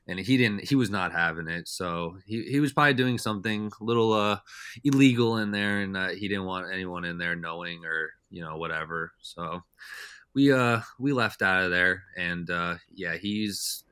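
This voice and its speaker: A man with a very low voice, speaking as a guest on a podcast. He tells his stories in a loose, rambling way, with a bright, forceful tone. The sound is dry and close. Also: a little fast, no room sound. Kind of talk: casual storytelling chat.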